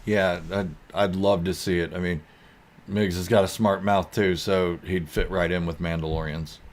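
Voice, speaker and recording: Low-voiced man chatting on a live stream. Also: steady tone, moderate pace. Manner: goofy, easygoing and rambling. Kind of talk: casual live-stream chat reading viewer comments.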